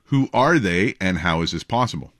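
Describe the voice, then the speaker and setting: Low male co-host reading quiz questions on air, lively, dry mic. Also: moderate pace. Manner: reads questions aloud, casual asides. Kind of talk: call-in trivia radio show.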